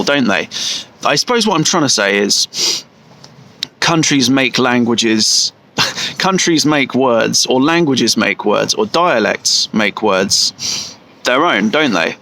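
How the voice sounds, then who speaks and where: A man's voice: medium pitch, expressive, pushed and bright, slight background noise, rough recording. A man with an English accent musing aloud in a casual vlog, correcting himself as he goes and stretching out words to mimic how they sound. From England. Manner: slow, thinking aloud with restarts and self-corrections; playfully stretches vowels when mimicking pronunciations. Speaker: vlogger.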